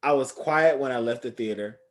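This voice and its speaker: A man co-hosting a podcast, telling an excited story in casual chat. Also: mid-range voice, fairly quick. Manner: animated storytelling, shouts and laughs when excited. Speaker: podcast co-host.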